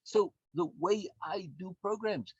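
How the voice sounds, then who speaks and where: A man's voice: sits high, a little slow, breathy edge, no room sound. A man, a course instructor and coach, giving a recorded lecture in an emphatic way, repeating words and often adding tag questions. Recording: dull, dry lo-fi sound.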